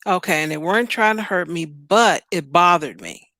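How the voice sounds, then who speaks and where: A woman's voice: lowish voice, moderate pace, a bit bright, dry recording. A woman hosting a livestream advice show, blunt and full of probing questions.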